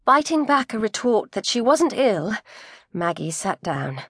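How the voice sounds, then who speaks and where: A woman narrating an audiobook in a crisp, measured storytelling voice, close to the microphone. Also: a little high, big pitch swings, a bit bright, dry recording. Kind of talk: scripted narration.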